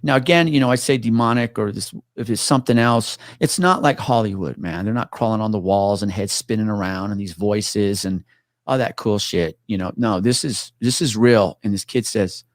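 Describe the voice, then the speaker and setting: With a fairly low voice at normal speed, a man shares a story casually, cursing without restraint and imitating the people he quotes. The sound is clean studio quality with no room noise.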